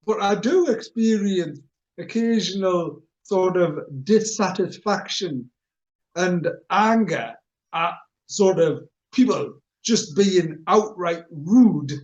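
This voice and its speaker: A man's voice: high voice, takes it slowly, highs cut off. A middle-aged man, hosting a casual chat show and telling an anecdote while chuckling at himself. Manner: animated storyteller, chuckles at himself. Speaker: radio show host.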